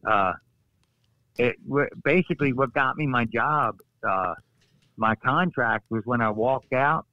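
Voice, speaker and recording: A man, a former wrestler, telling stories on a podcast in a casual, animated way, acting out quotes. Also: a little slow, no room sound, muffled recording. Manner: animated, acts out quotes with raised pitch. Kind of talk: casual storytelling.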